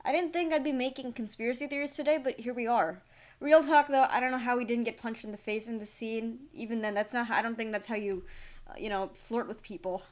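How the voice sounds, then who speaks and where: A woman's voice: a little high, fairly bright tone. A young woman giving casual, rambling, self-deprecating commentary on a film, recorded on a laptop mic. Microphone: laptop built-in mic.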